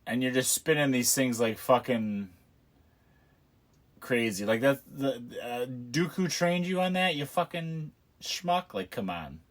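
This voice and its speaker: A man's voice: mid-range voice, animated, a little slow. A young man hosting a casual movie commentary, profane and mocking, laughing at what he watches. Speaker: podcast host.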